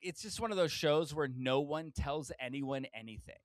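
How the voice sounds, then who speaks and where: A man's voice: fairly high pitch, moderate pace, no room sound, studio quality. A man co-hosting a casual podcast, laughing easily and swearing as he swaps stories. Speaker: podcast co-host. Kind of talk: casual chat.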